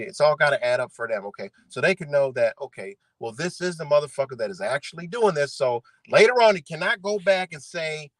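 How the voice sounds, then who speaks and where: A young man from ranting in commentary, profane and animated, often asking "right?". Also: fairly high pitch, brisk, hardly any pauses, dry recording, poor audio. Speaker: commentary streamer.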